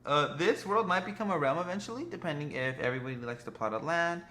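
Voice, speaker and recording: A young man casually narrating gameplay footage, rambling and excitable, swearing freely. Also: fairly high pitch, fast talker. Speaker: gaming vlogger.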